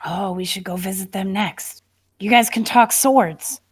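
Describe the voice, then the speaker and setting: A woman's voice: mid-range voice, unhurried, husky. A woman playing a character in a tabletop game, chatty and playful in tone. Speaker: player. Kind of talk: in-character tabletop role-play.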